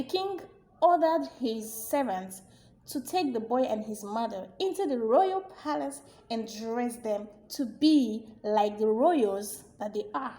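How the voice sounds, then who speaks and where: Mellow, expressive woman storyteller. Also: fairly high pitch, slow. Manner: animated, expressive. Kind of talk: storytelling narration.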